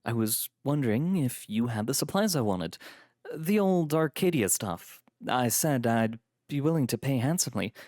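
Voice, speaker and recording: A man's voice: mid-range voice, animated, moderate pace, darkish tone, no echo, studio quality, voice pushed up, natural voice. A man voicing a sly male trickster who speaks in a teasing, mock-polite way. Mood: breezy. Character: sly smirking male trickster, young adult.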